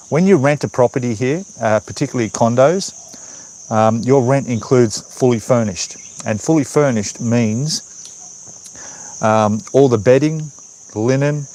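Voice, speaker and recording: A man's voice: medium pitch, darkish tone, a little hiss or hum. Australian man chatting on a roadside livestream. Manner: chatty, reading out viewer comments. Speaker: livestream host. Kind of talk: casual live-stream chat. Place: outdoors by a roadside in the countryside. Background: birds and insects outdoors.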